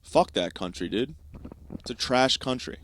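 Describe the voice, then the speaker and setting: A man's voice: medium pitch, lively intonation, a little slow, fairly bright tone. A young man from the United States hosting a podcast, telling a rambling, profane, self-mocking story in a casual comedic monologue. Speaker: podcast host.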